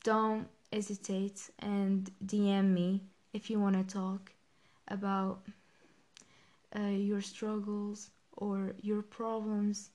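Slow-talking young woman, emotional and halting. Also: mid-range voice, completely flat delivery, warm tone. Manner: emotional, halting, many fillers. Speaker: podcast host. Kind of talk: personal reflective monologue.

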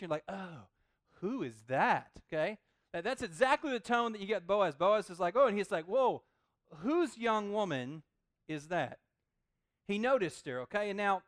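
High-pitched guy preaching, super casual, keeps saying okay and guys, dry close sound. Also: no room sound. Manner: informal, animated, often says "okay" and "guys". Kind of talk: sermon.

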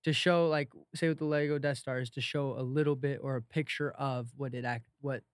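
A man's voice: mid-range voice, steady tone, fairly quick, dry recording, studio quality. A male podcast guest explaining a concept in a teacherly, casual way. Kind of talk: casual chat.

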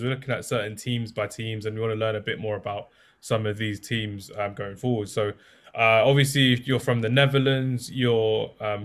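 A man hosting a casual football podcast, chatty and self-deprecating, with many fillers. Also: on the low side. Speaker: podcast host.

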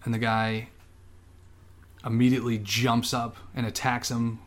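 A man in casual podcast chat, recapping a film in a loose, profane way. He keeps dropping into quick acted-out quotes of the characters, at an ordinary middle pitch. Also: monotone. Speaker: podcast co-host.

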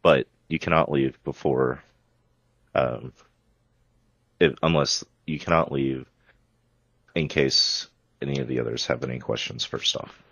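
A man playing a character in a tabletop game, speaking haltingly and correcting himself. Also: a bass voice, gravelly, fairly bright tone, breathy edge, dry recording. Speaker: player. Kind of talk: tabletop role-play. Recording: dull, lo-fi mic.

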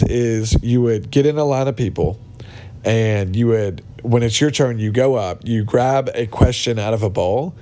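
Ranting man with a lively voice. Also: mid-range voice. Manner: ranting, blunt, mocking. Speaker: podcast host. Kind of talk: casual podcast monologue. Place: cabin with other people around. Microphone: not his usual podcast mic.

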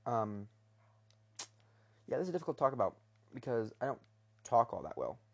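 A man's voice: mid-range voice, very animated, normal speed, vocal fry, breathy edge. Rambling young man ranting in his bedroom. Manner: meandering, hesitant, full of restarts and fillers. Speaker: vlogger. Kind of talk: casual rambling rant.

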